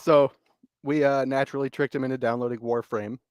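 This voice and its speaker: A man co-hosting a casual chat, telling animated gaming stories, swearing freely and laughing often. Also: mid-range voice, fast talker, smooth, no echo, clean studio sound. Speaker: podcast co-host.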